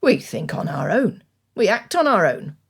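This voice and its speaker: A woman reading an audiobook, voicing a stern older male country gentleman with dry, cutting wit and measured speech. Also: high voice, big pitch swings, gravelly, breathy edge, full character voice. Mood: irritated.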